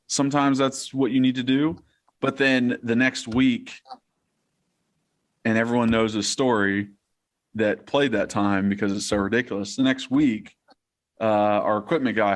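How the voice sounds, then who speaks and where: A young man co-hosting a podcast, telling locker-room stories in a lively, casual way and swearing freely. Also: fairly low pitch. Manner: storytelling, animated, swears freely. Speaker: podcast co-host, former player. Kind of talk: casual chat.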